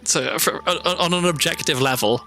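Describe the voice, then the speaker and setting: A man's voice: a little high, moderate pace, bright, forceful tone, soft background music. A young man from South Wales with a mild Welsh accent, chatting in a meandering, self-deprecating way while streaming a game. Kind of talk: casual gameplay commentary.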